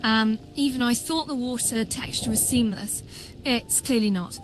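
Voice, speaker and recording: A woman livestreamer giving excitable building commentary, thinking aloud with lots of fillers. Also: a little high, normal speed, music in the background, poor audio. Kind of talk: live-streamed world-building commentary.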